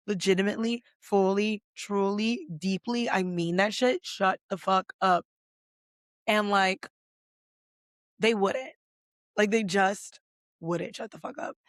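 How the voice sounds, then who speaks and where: Speaking unhurriedly in a mid-range, fairly bright voice, a podcast host gives a casual pop culture recap full of blunt, profane ranting. "Like" crops up constantly, and the audio is studio quality with no room sound.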